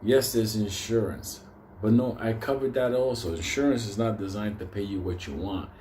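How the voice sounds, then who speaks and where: An older man, host of a stock market video, casually rants at his viewers, swearing all the time, rambling and laughing a lot in this profane monologue. His voice is lowish and somewhat dark, at a normal speed, with a little hiss or hum underneath.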